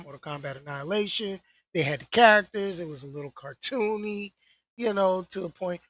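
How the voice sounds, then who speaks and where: Husky, animated man ranting to camera. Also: high-pitched. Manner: animated, slangy, repeats phrases for emphasis. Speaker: channel host. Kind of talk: casual rant to camera.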